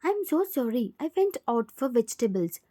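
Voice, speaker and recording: A woman's voice: fairly high pitch, big pitch swings, moderate pace, mellow, no room sound, clean studio sound. A woman voicing an older housekeeper called grandma, speaking fearfully and apologetically in a spoken fan story.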